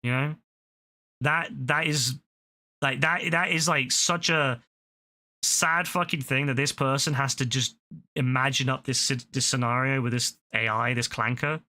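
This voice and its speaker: A young man rambles through casual stream commentary, tripping over his words and restarting his sentences as he goes. His voice sits mid-range with a crisp, forward brightness. He swears freely and loosely. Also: medium pitch, fairly even intonation, measured pace.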